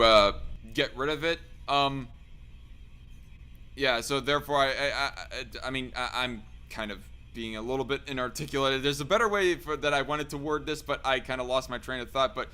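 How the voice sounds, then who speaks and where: A man's voice: mid-range voice, sharp tone, clean tone. A man hosting a podcast, talking in a casual, hesitant way and often correcting himself. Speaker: podcast host.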